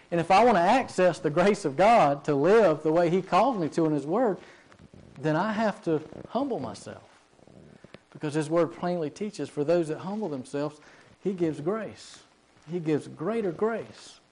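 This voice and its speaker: Man preacher, folksy storyteller, a touch high, chatty sermon. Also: darkish tone, poor audio. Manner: folksy, with frequent fillers and repeats.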